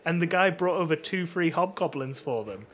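A man's voice: fairly high pitch, animated, moderate pace. A man co-hosting a podcast, telling rambling stories in casual chat and laughing often. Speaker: podcast co-host.

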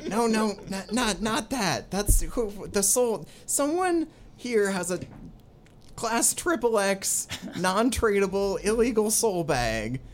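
A woman's voice: medium pitch, slow, pitched above the performer's own voice. A woman doing a fussy, sputtering dwarf man. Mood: alarmed. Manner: excited, sputtering accusations. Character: gruff fussy male dwarf official.

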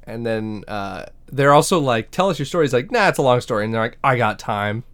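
A man's voice: medium pitch, fast talker. A man retelling a show episode in casual chat, acting out the characters and laughing often. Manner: animated storyteller, acts out characters, laughs often, swears. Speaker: podcast co-host.

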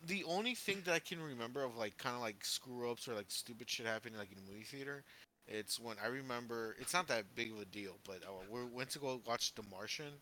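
A man chatting casually on a podcast, hesitant and halting as he gathers his thoughts. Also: mid-range voice, lively intonation, sharp tone, slight background noise, rough recording. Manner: hesitant, full of fillers and restarts. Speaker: podcast co-host. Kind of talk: casual chat.

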